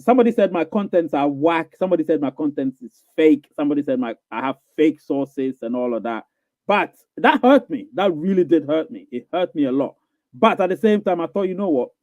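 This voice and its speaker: Here a man with a slightly high, slightly mellow voice runs a live question-and-answer stream. He reads comments, answers with emphasis, repeats himself, and checks in with "you get what I'm saying?" The audio is thin like a phone, without room sound.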